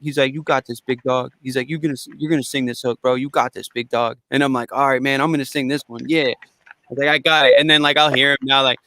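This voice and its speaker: A man chatting casually as a podcast guest, telling animated stories with swearing and quick impressions of his friends. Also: medium pitch, dry recording. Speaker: guest recording artist.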